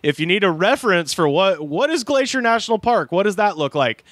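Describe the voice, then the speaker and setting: A man's voice: high voice, very animated, fairly quick, fairly bright tone, no room sound. A man hosting a podcast in a studio, chatting casually and telling stories with frequent laughs. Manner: chatty, storytelling, laughs often. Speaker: podcast host. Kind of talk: casual chat. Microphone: studio microphone.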